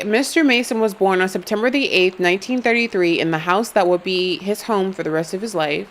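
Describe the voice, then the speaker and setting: A woman's voice: medium pitch, brisk, a little hiss or hum, poor audio. A young woman streaming a game live, joking around and talking to her chat. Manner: playful, jokey, talks to chat. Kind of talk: live gameplay commentary.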